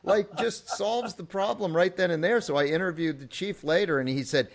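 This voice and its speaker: Man hosting a relaxed podcast chat. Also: high voice, normal speed, creaky, few pauses. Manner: relaxed, detailed storytelling with asides. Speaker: podcast host. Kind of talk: casual conversational interview.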